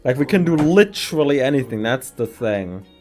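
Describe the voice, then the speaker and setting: A man's voice: mid-range voice, sing-song, moderate pace, a little mellow, faint music behind. German guy hosting a stream, rambly and giggly, mid voice. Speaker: game master and stream host. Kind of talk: casual stream chat, planning a campaign.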